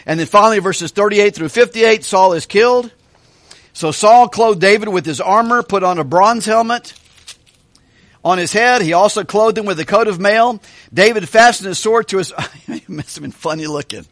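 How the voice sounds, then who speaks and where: A male pastor with a fairly high voice gives a Bible study sermon. His delivery is animated, and he keeps asking questions of the listeners. The sound is close and dry. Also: normal speed, no echo. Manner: animated, asks questions of the congregation. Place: church hall with a kitchen.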